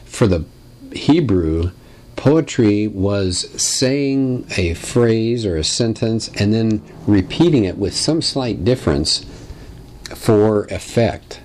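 A man's voice: on the low side, lively intonation, slow, darkish tone, slight background noise. A man teaching a lesson on biblical poetry, asking wry rhetorical questions in a conversational way. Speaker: Bible teacher.

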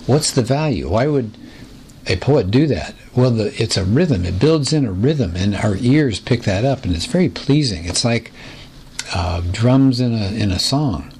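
A man's voice: mid-range voice, animated, unhurried, vocal fry, a little mellow, slight background noise. A man teaching a recorded Bible lesson, explaining patterns and reading scripture aloud, often asking his listeners rhetorical questions.

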